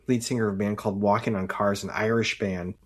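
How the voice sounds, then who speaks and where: A man's voice: lowish voice, fairly even intonation, quick pace. A male podcast co-host recapping a sitcom episode in loose, casual chat. He rambles a little and leans on fillers as he walks through each scene.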